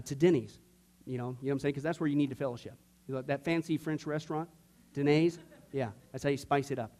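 A middle-aged man, a pastor, teaching a discipleship class by telling personal stories with jokes, asides and many fillers, acting out quoted voices from loud to near whisper. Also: fairly high pitch. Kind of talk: sermon-style teaching class.

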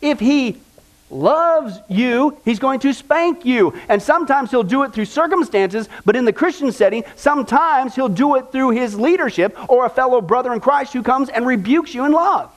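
A man's voice: extremely high pitch, animated, normal speed. A middle-aged male pastor preaching a conversational sermon, asking the congregation rhetorical questions.

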